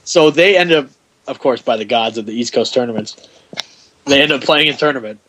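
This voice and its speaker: Man, podcast host, mid-pitched voice, animated storytelling, laughs a lot, faint background hiss. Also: a little fast, rough recording. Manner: animated storyteller, acts out quotes, laughs often. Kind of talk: casual chat.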